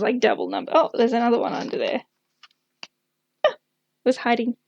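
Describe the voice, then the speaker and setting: A young woman talks through a tarot spread in a loose, chatty way, filling pauses with "like" and soft laughs. Her voice sits a little high. The recording is dry and close, with no room sound. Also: no echo, lo-fi sound. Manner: chatty, thinking aloud, many fillers and little laughs. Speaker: tarot reader. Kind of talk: casual tarot reading.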